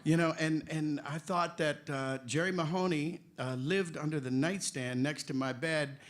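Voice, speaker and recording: A man in his sixties, a voice actor telling stories on a convention panel, animated and joking with a ready laugh. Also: fairly high pitch, moderate pace. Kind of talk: anecdotal panel storytelling.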